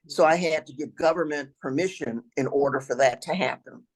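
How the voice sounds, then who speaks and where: An older woman with a raspy voice, a retired teacher telling travel stories as an interview guest, now and then clearing her throat. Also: low-pitched, a little fast, low-quality recording. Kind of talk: storytelling interview answers.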